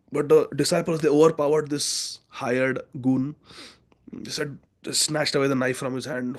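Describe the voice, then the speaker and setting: A man leads a devotional scripture class, telling stories and acting out the quoted lines. His voice sits a little high for a man.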